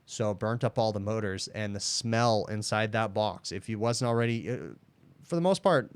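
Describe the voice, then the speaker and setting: A man answers viewer questions on a livestream, telling stories in a relaxed, chatty way. His voice sits on the lower side and sounds smooth and resonant. The recording is dry and close. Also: normal speed, no room sound. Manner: chatty, storytelling, laid-back with fillers. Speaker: livestream host, HVAC technician. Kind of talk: casual livestream Q&A and storytelling.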